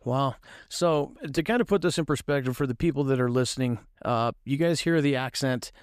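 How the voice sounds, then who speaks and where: A man's voice: medium pitch, a little fast, clean tone, no echo, studio quality. A man hosting a podcast, asking questions in a curious, conversational way. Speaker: podcast host. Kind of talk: casual interview.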